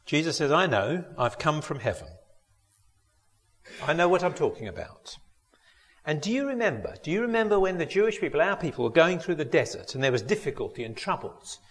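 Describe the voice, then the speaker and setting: A man's voice: on the high side, big pitch swings, brisk. Man preaching in a reverberant church. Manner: earnest, asks the congregation direct questions. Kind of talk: sermon.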